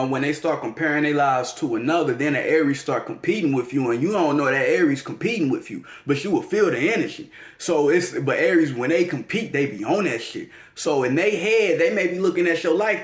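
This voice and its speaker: Swearing rambling astrology guy talking casual, kinda high voice, echoey room. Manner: slangy, profane and rambling. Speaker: astrology vlogger. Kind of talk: casual monologue.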